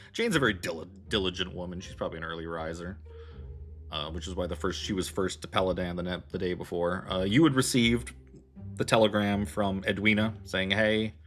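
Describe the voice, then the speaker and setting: A man with a low voice runs a tabletop game, filling his narration with loose asides. Faint music plays underneath. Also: a bit bright. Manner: loose, filler-heavy narration. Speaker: game master.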